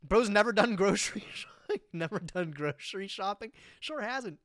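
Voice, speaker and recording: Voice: medium pitch, normal speed, dry recording, studio quality. A streamer in their twenties chatting casually and animatedly on a live stream, with lots of slang, reading text aloud and reacting to it. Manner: animated, slangy, says "bro" often; reads web text aloud with comments.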